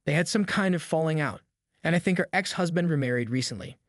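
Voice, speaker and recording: Man voicing an elderly woman neighbor, soft, gentle, dry. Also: a little high, expressive, fast, no room sound, lightly acted. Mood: quiet.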